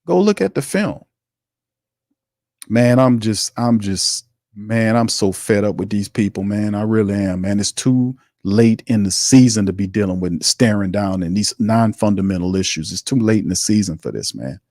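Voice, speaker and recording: A male sports talk host rants in exasperation, circling back to the same complaints again and again. His voice sits low, and the recording is dry and close, with no room echo. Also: expressive, moderate pace, a little mellow. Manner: exasperated, ranting, repetitive. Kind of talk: sports commentary rant.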